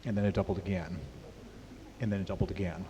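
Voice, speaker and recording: A man's voice: deep voice, steady tone, fast talker, mellow. A middle-aged man speaking as an author at a festival, telling his story plainly and often repeating and restarting words. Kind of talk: onstage interview storytelling. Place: large hall with an audience. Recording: hall reverb with faint hiss.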